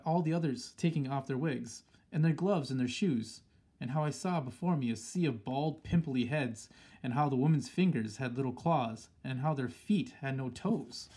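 A man narrates a storybook in a steady, plain way. His voice is slightly husky and sits a little higher than most men's. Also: normal speed. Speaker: audiobook reader.

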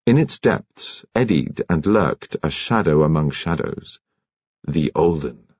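Deep, husky male audiobook narrator. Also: no echo, highs cut off. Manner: measured, expressive storytelling.

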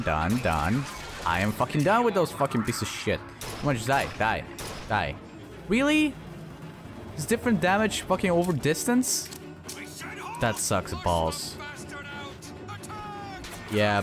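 Male Let's Play commentator, low voice, exasperated and profane, loud game music behind. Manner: frustrated, swearing, voice jumping up when annoyed. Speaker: gameplay commentator.

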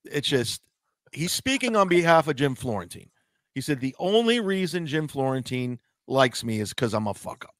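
A man's voice: medium pitch, very animated, moderate pace, a bit bright, dry recording. A man in a played clip, talking casually in an aggrieved, insistent way. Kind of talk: complaining casual talk.

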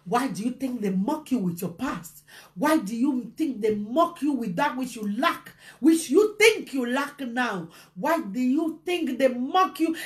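High-voiced impassioned woman preacher. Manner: impassioned, swings from shouts to hushed low lines. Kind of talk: motivational sermon.

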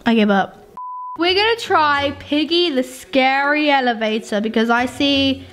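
A young woman giving excitable gaming commentary, shrieking and pleading with characters on screen. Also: sits high, a little fast, background noise. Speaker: gaming YouTuber. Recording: game music behind voice. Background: music.

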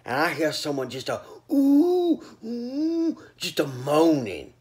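A man's voice: medium pitch, animated, moderate pace. Boastful man rambling in street slang. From North Carolina. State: sleepy. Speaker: vlogger. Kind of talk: casual monologue to camera.

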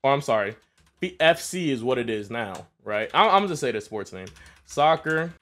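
Excitable young gaming streamer guy. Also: medium pitch, normal speed. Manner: excitable, swears a lot, yells at plays. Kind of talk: casual gaming commentary.

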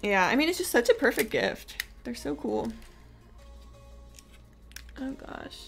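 A woman's voice: on the high side, very animated, slow pace, gravelly, soft background music. A woman hosting a livestream, chatting casually and bubbly while building a toy set. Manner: bubbly, easily amused. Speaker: livestream host.

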